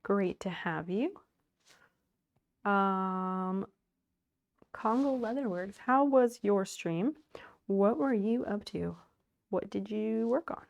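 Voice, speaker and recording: A woman streams from her home office in a loose, chatty way. She talks to her viewers while she sorts things, thanks them warmly by name and breaks into laughter often. Her voice sits at an ordinary middle pitch for a woman. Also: takes it slowly, vocal fry, long pauses, dull audio. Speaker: livestreamer. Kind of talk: casual livestream chat while doing home chores.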